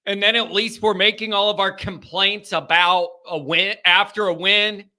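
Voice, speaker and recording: A man's voice: high voice, fairly even intonation, normal speed, sharp tone. A man hosting a live fan call-in show, venting his frustration and firing rhetorical questions at the chat.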